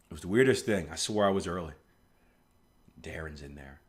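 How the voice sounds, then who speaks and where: Chatty rambling man, lowish voice. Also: lively intonation, fast, pauses often. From US East Coast. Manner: rambling storyteller, many restarts and "like", chuckles often. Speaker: forex trading educator. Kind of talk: casual live-stream chat and chart analysis.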